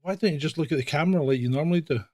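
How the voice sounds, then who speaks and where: A man's voice: fairly high pitch, rapid-fire, dark tone. A man hosting a comedic livestream, teasing his co-host and laughing often. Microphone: webcam livestream.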